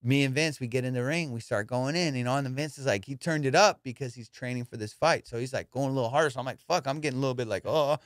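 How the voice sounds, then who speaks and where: A man hosting a casual comedy podcast, telling profane, animated stories about boxing. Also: medium pitch, quick pace, few pauses, dry recording, clean studio sound. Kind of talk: casual storytelling chat.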